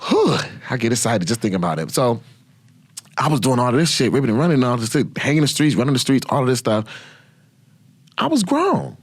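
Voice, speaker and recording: A man hosting his own podcast, telling profane, animated stories about his past and laughing often. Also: medium pitch, quick pace, no echo. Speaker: podcast host. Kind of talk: casual storytelling.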